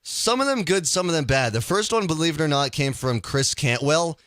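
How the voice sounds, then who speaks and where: A man's voice: on the high side, moderate pace, no echo, studio quality. A man hosting a casual call-in radio show, ranting with energy and stumbling over his words. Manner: animated, ranting, stumbles and restarts.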